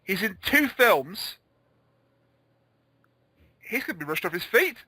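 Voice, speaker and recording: Opinionated bright-voiced man hosting a chat. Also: high voice, sing-song, slow, breathy edge, no room sound, rough recording. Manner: opinionated, lightly stammering. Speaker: host. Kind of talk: casual podcast chat.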